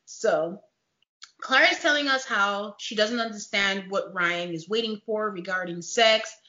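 A woman hosting a casual recap chat, animated and laughing often as she retells scenes. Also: medium pitch, measured pace. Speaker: podcast host. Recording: dull lo-fi echoey room.

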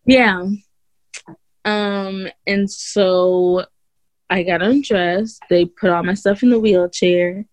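A woman's voice: medium pitch, steady tone, takes it slowly, no room sound. Woman guest just chatting thru her birth story, like and you know everywhere, middle voice, dry sound. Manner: chatty, heavy use of "like" and "you know", many restarts; acts out others' lines in a raised voice. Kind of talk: casual personal storytelling.

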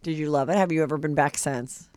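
A woman hosts a podcast, chatting casually and loosely with plenty of "like" and "um." Her voice is low, steady, and a little mellow, she talks at a quick pace, and there's no room sound.

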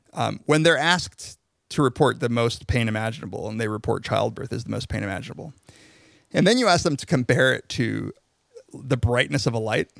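A man with a gravelly, fry-edged voice works through a research question in casual podcast chat. He piles on "like"s and restarts as he explains, recorded close and dry. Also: medium pitch, no echo. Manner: explains at length with frequent "like" and restarts. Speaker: podcast co-host, social psychology researcher.

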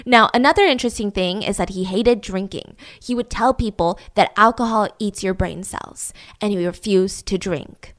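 A woman hosts a true crime podcast, narrating the case in a chatty, heavily sarcastic, mock-admiring tone while speaking directly to her listeners. Her voice is mid-range and fairly bright, at a moderate pace with few pauses.

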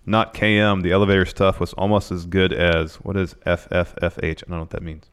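A man's voice: sits low, flat delivery, fairly quick, fairly bright tone, smooth. A man co-hosting a casual wrestling chat, reading chat messages with laid-back, dry remarks. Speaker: podcast co-host.

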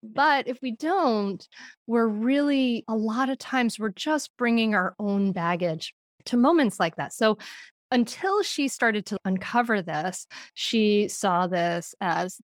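A middle-aged woman with a mid-range voice guests on a podcast, recorded dry with studio quality. Casual and animated, she tells parenting stories, laughs often, and acts out what was said.

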